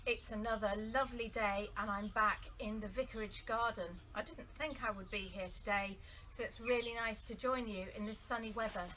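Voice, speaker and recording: Cheerful high-voiced woman leading children's songs. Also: steady tone, normal speed, sharp tone. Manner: cheerful, sing-song teacher's voice, leading call-and-response. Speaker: vicar leading children's song time. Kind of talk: children's song and story session. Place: outdoors in a garden. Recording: outdoor noise with birdsong. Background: birdsong.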